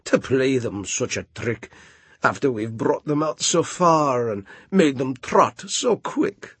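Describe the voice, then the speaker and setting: A man's voice: medium pitch, expressive, slow pace, breathy edge, dry recording. A man reading a storybook poem aloud, voicing a sly, sentimental old male walrus who talks in a coaxing, mock-sorrowful way.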